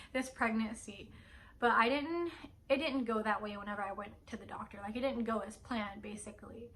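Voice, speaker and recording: A woman's voice: a little high, moderate pace, a bit bright, a little hiss or hum. A young woman chatting casually in a home vlog at night, rambling with lots of fillers. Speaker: vlogger. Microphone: camera on a stand.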